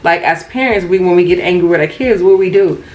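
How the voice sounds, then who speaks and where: A young woman vlogging casually while doing her makeup, telling a story in a chatty, animated way with laughs and asides. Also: lowish voice, fairly quick, poor audio. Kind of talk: casual get-ready-with-me storytime.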